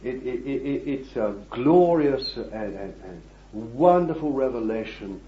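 A man preaching a sermon, reading scripture and addressing his listeners as beloved, swinging from hushed words to loud ones. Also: mid-range voice, lively intonation, a little slow. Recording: dull, echoey old recording.

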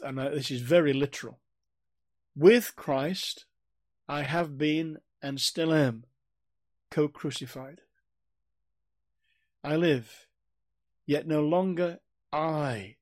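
A man's voice: a little high, no room sound. A man giving an expository Bible teaching, earnest and emphatic, often repeating and restarting phrases as he explains. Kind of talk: expository sermon.

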